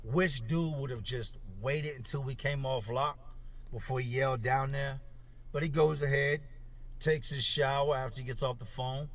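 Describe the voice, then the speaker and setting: Gravelly man telling a story from a distance. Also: medium pitch, moderate pace. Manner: rambling, animated retelling. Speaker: former inmate telling a jail story. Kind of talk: casual storytelling.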